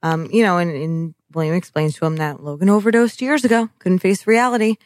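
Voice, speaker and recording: Young woman podcaster, slightly low voice, gushes and swears, dry close mic. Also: fairly quick, no room sound. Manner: excitable, profane, rambling. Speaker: podcast co-host. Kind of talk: casual podcast chat recapping a TV episode.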